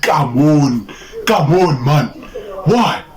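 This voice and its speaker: A man giving animated reaction commentary on videos, laughing and exclaiming a lot. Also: on the high side, extremely slow. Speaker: reaction streamer.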